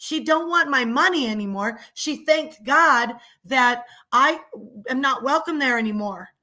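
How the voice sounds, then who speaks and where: A woman's voice: high-pitched, measured pace, pushed and bright. A middle-aged woman delivering an angry, sarcastic rant as a local commentator in a vlog. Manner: indignant, sarcastic, ranting. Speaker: local commentator and small business owner.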